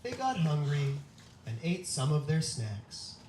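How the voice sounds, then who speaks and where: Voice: mid-range voice, big pitch swings, unhurried, a little mellow. A host narrating a children's story at a live theatre event, playful and hamming up the spooky parts. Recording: echoey room, distant mic, noisy.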